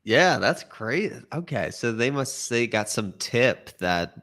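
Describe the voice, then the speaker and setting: A man's voice: mid-range voice, slow. A man as a podcast guest, casually explaining his betting approach with many fillers. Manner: relaxed, filler-heavy explaining.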